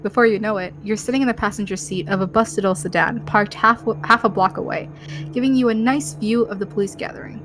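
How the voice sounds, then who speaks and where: A woman's voice: medium pitch, brisk, noisy background. A woman co-host reading a story game's narration aloud, stumbling over words and laughing often.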